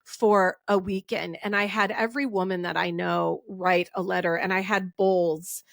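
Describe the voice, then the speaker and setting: A woman's voice: on the low side, fairly even intonation, moderate pace, vocal fry, dry recording, clean studio sound. A woman in her forties hosting a casual podcast conversation. She talks in a rambling, heartfelt way and often restarts her sentences. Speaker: podcast host.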